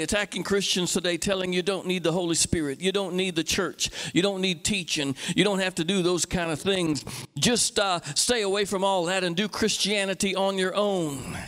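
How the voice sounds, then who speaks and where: A male pastor preaches with a notably high voice, driving his points home through repetition and call-and-response. The sound carries a long, lingering reverb, as if captured in a large hall. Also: fairly bright tone. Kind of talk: sermon.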